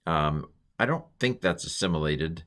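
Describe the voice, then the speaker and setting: Male teacher, deep voice with a bright, forceful edge, relaxed and chatty, walks through grammar point by point. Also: normal speed. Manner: chatty, explains step by step with playful asides. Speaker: Hebrew teacher. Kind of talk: informal grammar lesson.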